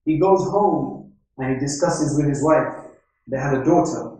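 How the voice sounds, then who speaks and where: A man lectures on faith, weaving in stories and Arabic quotations and asking "right?" along the way. His voice sits a little high and sounds dark and mellow. He stands well back from the microphone in a strongly reverberant hall. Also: unhurried. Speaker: Islamic scholar lecturing. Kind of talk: religious lecture. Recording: echoey hall, speaker far from mic.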